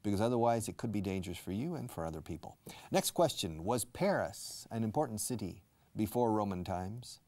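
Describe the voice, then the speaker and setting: Gravelly low-voiced man teaching English. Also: animated, warm tone. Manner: explains slowly, repeats words, switches to Spanish for learners. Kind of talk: casual language lesson.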